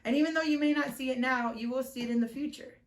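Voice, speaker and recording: A woman's voice: high voice, quick pace. A young woman giving a casual tarot reading, chatty and upbeat, laughing often and swearing now and then. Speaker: tarot reader. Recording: echoey room.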